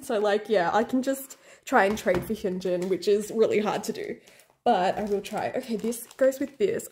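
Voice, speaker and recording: A young woman vlogger unboxing albums in a room at home, gasping and gushing, often dropping to breathy half-whispered squeals. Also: mid-range voice, expressive, normal speed, a little mellow. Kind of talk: excited unboxing chat.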